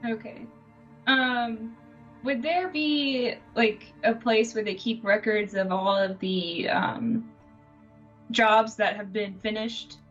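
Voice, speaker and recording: A woman's voice: a little high, fairly even intonation, takes it slowly, a bit bright, muffled recording, soft background music. A woman playing in a tabletop game, speaking hesitantly with many fillers. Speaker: player.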